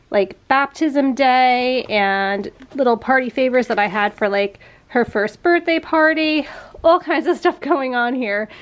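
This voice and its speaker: A woman in her thirties, a vlogger chatting with viewers and getting sentimental as she clears out a room at home. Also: on the high side, fairly bright tone. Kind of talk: casual vlog narration. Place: at home, in a playroom.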